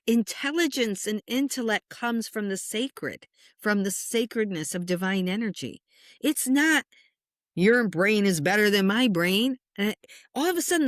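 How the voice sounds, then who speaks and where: A middle-aged woman, a spiritual medium, telling a personal story in conversation with lots of lively swings and chuckles. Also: a little high, moderate pace, no room sound, studio quality. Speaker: spiritual medium and meditation teacher.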